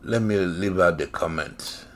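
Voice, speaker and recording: A man with a deep, low voice reads an article aloud and comments on it. He talks slowly and deliberately. He hammers on phrases with emphatic, sarcastic repetition. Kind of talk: reading and commenting to camera.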